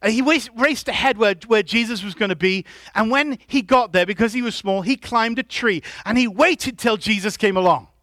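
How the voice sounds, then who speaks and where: A man preaching a sermon in a church, calling on the congregation to answer back and rising to loud emphatic shouts. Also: sits high, normal speed, no echo. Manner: preaching with call-and-response to the congregation. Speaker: pastor.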